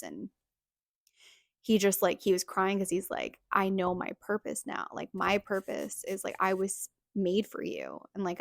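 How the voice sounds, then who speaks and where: A woman's voice: medium pitch, gravelly, no room sound, clean studio sound. A young adult woman hosting a podcast, telling a personal story in a chatty way full of fillers. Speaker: podcast host.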